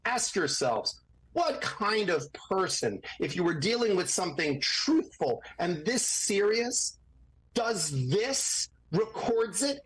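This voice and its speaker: A man who is an attorney, talking as a podcast guest, animated and quick to act out quoted voices. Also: high-pitched, breathy edge, low-quality recording. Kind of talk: podcast commentary.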